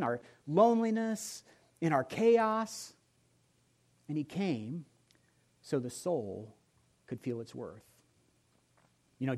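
Pastor guy preaching to his church, tells funny stories, voice a bit high, goes loud then quiet. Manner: storytelling with humor, lively swings in volume. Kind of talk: sermon.

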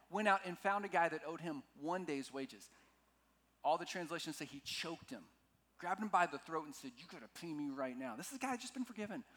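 A male pastor preaching a sermon, slowing down and swinging between loud and soft to stress his points. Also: fairly high pitch. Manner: dramatic shifts in loudness, slows for emphasis; asks the congregation to repeat lines.

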